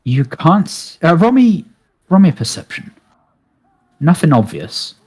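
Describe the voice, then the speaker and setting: Slow-talking man running a tabletop game. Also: fairly high pitch, husky. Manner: relaxed, hesitant with many fillers. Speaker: game master.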